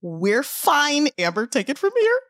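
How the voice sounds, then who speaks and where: Laughing woman telling a lively story. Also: sits high, measured pace, no echo, studio quality. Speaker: guest comedian. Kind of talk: casual comedic storytelling.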